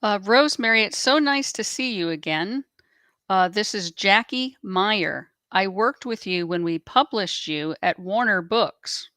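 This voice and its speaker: Bright-voiced woman reading viewer questions. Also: mid-range voice, animated, a little slow, no echo.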